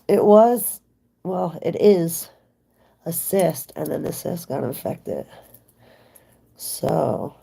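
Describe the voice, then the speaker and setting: Low, gravelly tarot reader, slow and husky. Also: female voice, animated, dark tone. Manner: chatty, reads and answers viewer comments aloud. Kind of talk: casual live-stream tarot reading.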